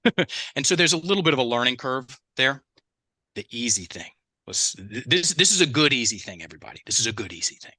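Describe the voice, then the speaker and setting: A man's voice: medium pitch, very animated, fast, pushed and bright, no echo. A man as a mindset coach, telling stories in a casual interview and acting out quoted dialogue with animation, speaking into a headset.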